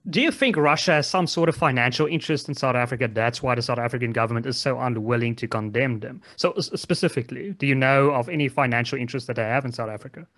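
Male interviewer, quick pace, probing questions, conversational. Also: mid-range voice, a bit bright. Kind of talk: political interview.

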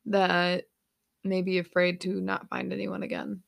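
A podcast co-host offering short, supportive comments in a relaxed chat. The voice has a gravelly fry and a flat, narrow pitch. It sounds close and dry. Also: unhurried, no room sound. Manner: supportive, brief affirmations. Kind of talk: casual podcast conversation.

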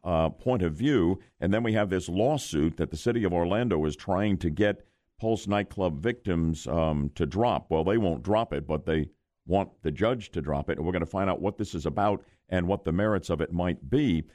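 Male morning radio host, low voice, chatty banter. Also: darkish tone, no echo, clean studio sound. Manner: chatty, quick to react and joke. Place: radio studio. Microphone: studio microphone.

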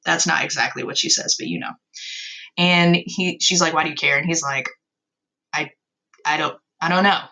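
A young woman talks through a story recap in a loose, chatty way, cutting in with sarcastic, profane remarks. Her voice sits fairly low and has a gravelly fry. Its tone is bright and sharp. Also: steady tone, normal speed, pauses often, rough recording. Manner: sarcastic, swears freely, exasperated asides. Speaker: video host recapping a story. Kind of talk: casual commentary.

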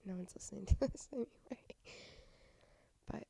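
Sounding tired, this young woman from the United States half-whispers as she hosts a casual solo podcast, candidly wandering through her thoughts and letting out small sighs and laughs. She speaks at a moderate pace in a warm, gravelly, slightly rough voice of medium pitch.

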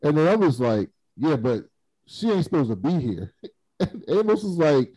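A man's voice: on the high side, big pitch swings, normal speed, warm tone, husky, dry recording, low-quality recording. A man in casual chat, animatedly retelling a TV episode and acting out the characters' lines. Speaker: podcast co-host recapping a TV episode.

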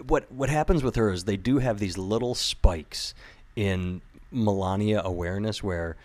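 A man in casual podcast chat, rambling and animated, swearing freely. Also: lowish voice, normal speed.

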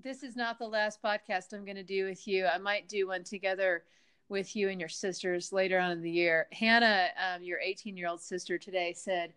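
A woman's voice: mid-range voice, steady tone, moderate pace, fairly bright tone, clean tone. A middle-aged woman hosting a podcast, chatting casually and enthusiastically. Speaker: podcast host. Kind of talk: casual chat.

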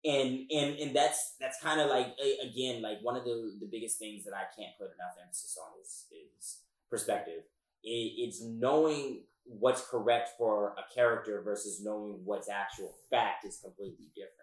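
A man's voice: lowish voice, normal speed. A man co-hosting a podcast in casual chat, rambling with emphatic restarts. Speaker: podcast co-host. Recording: roomy echo.

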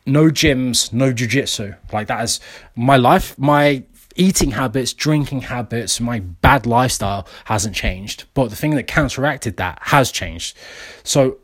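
A man's voice: mid-range voice, measured pace. A young man, talking casually and mocking himself, with lots of fillers and restarts. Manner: self-mocking, rambling with many fillers. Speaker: vlogger. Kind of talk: casual monologue.

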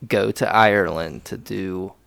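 Gravelly, tipsy podcast co-host guy. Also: deep voice, unhurried, a bit bright, dry recording. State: intoxicated. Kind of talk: casual podcast chat.

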